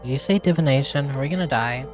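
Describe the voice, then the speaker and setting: A man's voice: medium pitch, fast talker, soft background music. A man giving casual let's-play commentary with wry, profane asides. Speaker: game streamer.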